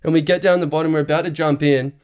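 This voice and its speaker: A man hosting a podcast and telling a story with energy. His voice sits a little high. He swears freely and acts out what people said. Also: quick pace, clear, resonant tone. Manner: animated, swearing, acts out quotes. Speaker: podcast host. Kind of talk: casual storytelling chat.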